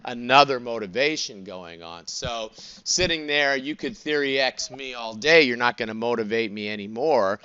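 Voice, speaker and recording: A man's voice: medium pitch, moderate pace, pushed and bright, smooth. A man teaching a college class in a chatty, digressive way, tossing rhetorical "what?" and "right?" prompts at his students and adding joking asides. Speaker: college instructor. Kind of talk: classroom lecture. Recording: dull lo-fi classroom recording.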